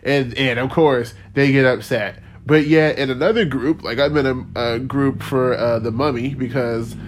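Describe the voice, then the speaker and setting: A man's voice: mid-range voice, fairly even intonation, moderate pace, background noise. A young man hosting a solo podcast, ranting casually, rambling off on tangents, losing his train of thought and chuckling between points. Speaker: podcast host.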